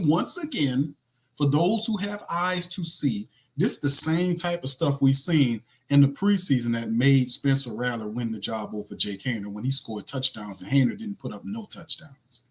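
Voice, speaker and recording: Heated male sports podcast host. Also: mid-range voice. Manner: emphatic and heated, repeating points for stress. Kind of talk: casual sports talk.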